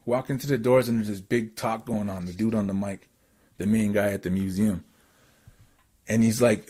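A man from Canada telling a story in casual chat, excitable and rambling with lots of fillers. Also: lowish voice, moderate pace, breathy edge.

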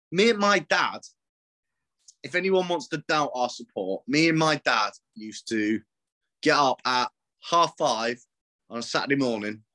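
Man, casual podcast chat, bright forceful voice, swears and laughs a lot. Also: mid-range voice. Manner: swears freely, laughs often, rambling. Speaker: podcast guest.

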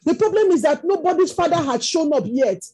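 Nigerian woman preacher, high mellow voice, animated storytelling sermon. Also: brisk. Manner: storytelling, rising to impassioned exclamations.

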